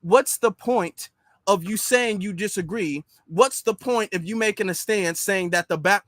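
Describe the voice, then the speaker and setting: A man with a fairly high voice gives casual commentary in a sarcastic, mocking manner. He talks in an animated way, and the recording is dry and close with no room sound. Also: no echo.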